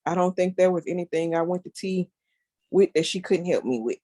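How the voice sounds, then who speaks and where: A woman in casual chat who is chatty and quick to chime in. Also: lowish voice, mellow, dry recording, studio quality.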